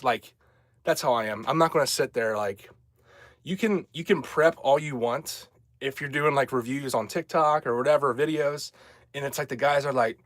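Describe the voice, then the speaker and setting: A man's voice: medium pitch, a little fast, fairly bright tone, no room sound. A young man talks casually on his livestream, rambling from one point to the next as he answers viewers. His voice sits in a middle register and is recorded dry and close, with no room sound around it. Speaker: livestream host.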